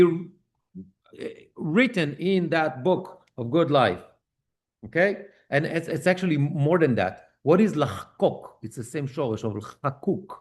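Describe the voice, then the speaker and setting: A man with a somewhat high voice gives a relaxed, explanatory lecture on prayer to a synagogue class. He works through terms step by step, repeating and restarting phrases, and often checks in with his listeners. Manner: conversational, checks in with "okay?", repeats and restarts while translating terms.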